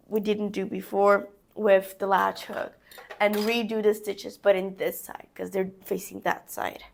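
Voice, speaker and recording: A woman's voice: mid-range voice, little pitch movement, measured pace, vocal fry. A young woman talking casually through a knitting project step by step, chatting to herself as she works. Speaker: crafting vlogger. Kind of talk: casual how-to narration while knitting.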